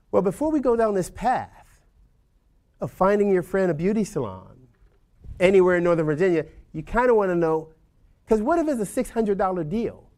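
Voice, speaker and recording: A man's voice: high voice, very animated, brisk, a little mellow. A man teaching a class of real estate agents in a loose, conversational way, often checking in with "right?" over a video call. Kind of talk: informal lecture to agents.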